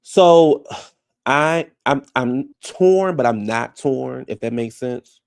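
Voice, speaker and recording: A man's voice: mid-range voice, expressive, slow pace, vocal fry, darkish tone, no room sound, clean studio sound. A man casually recapping a reality TV episode, chatty and frank, often trailing off and restarting mid-thought.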